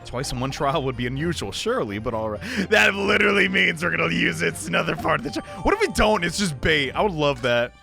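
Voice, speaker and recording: A man doing let's-play commentary as a YouTuber, excitable and jokey with loud outbursts. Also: on the high side, fast, gravelly, few pauses. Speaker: gaming YouTuber. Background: faint game music.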